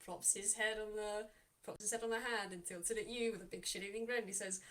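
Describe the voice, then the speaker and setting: A woman's voice: mid-range voice, steady tone, fairly quick, a bit bright. A woman playing a tabletop game, animatedly describing her character's actions and laughing often. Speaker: player.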